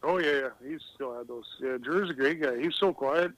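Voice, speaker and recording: The recording is rough, with slight background noise, capturing a medium-pitched, fairly bright male voice at a moderate pace. He's a retired pro hockey player in middle age, sharing loose anecdotes as a casual podcast guest and laughing at them himself.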